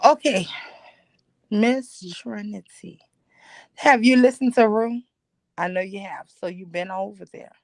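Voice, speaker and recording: A woman hosting a casual stream chat, telling stories loudly and teasing her guest with frequent laughter. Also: medium pitch, gravelly, no room sound. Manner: loud, laughing, teasing storyteller.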